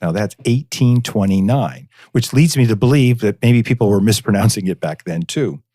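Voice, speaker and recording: A man with a fairly low voice tells stories about his hometown in a loose, chatty way, often pausing on fillers. He is recorded close to the mic with no room sound. He comes across as a podcast guest explaining things at length. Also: expressive, mellow, no echo. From northeastern Pennsylvania, US. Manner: storytelling, chatty, with frequent fillers. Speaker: guest, preservation society director. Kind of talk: casual podcast interview.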